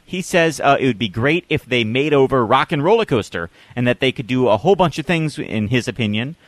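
An upbeat man co-hosting a casual chat, reading out listener suggestions. His voice sits at an ordinary middle pitch and is recorded close and dry, with no room sound at all. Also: lively intonation, a little fast, dry recording. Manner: upbeat, reads listener ideas aloud. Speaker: podcast co-host.

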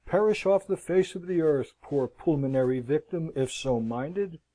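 A man narrating a classic novel as an audiobook, in an expressive, wry storytelling manner. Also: a little high, moderate pace.

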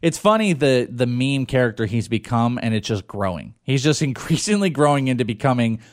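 A man hosting casual sports talk, teasing his co-host with jokes. His pitch moves around in an animated way, and his voice sits at a middle register. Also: a little fast, no echo, clean studio sound. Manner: joking, teasing banter.

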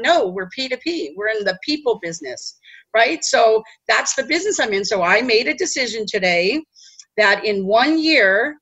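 A woman telling a personal story in a chatty, animated way, often checking in with her listeners. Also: a little high, poor audio. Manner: chatty, animated, tag questions. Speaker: host. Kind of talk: storytelling talk.

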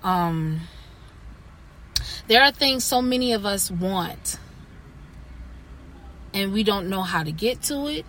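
A woman hosts a casual podcast with a bright, forward voice. She talks in an animated way, halting often with fillers. A faint hiss sits under her voice. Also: medium pitch, poor audio. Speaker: podcast host.

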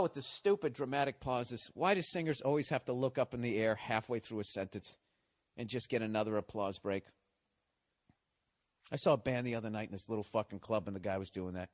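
A man's voice: medium pitch, a little fast, no room sound. Profane ranting middle-aged man. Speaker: podcast host. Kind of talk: rambling comedic monologue.

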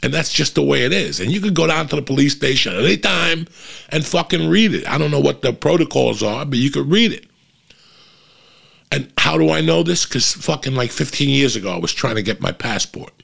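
A man's voice: a little high, expressive, brisk, vocal fry, fairly bright tone, husky. A middle-aged man telling a rambling, profane story in casual chat, calling his listeners guys.

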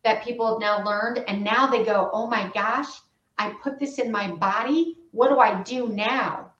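A woman working as a patient advocate, telling a story in an interview with lively, re-enacted dialogue. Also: on the high side, moderate pace, reverberant, muffled recording.

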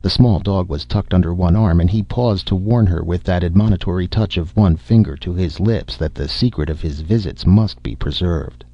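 A man narrating an audiobook in an even, measured reading. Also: low-pitched, dry recording, muffled recording.

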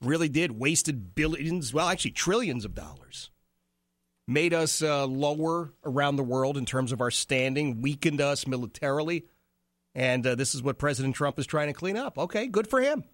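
A man hosting an opinionated talk show, giving animated, sarcastic commentary. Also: on the high side, normal speed, dry recording, clean studio sound. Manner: animated, sarcastic, mimics people he quotes.

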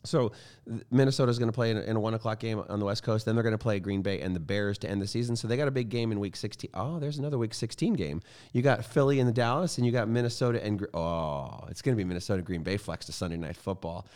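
A man co-hosting a casual sports show, excitable and rambling, often correcting himself mid-sentence. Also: lowish voice, fast. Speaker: sports podcast co-host.

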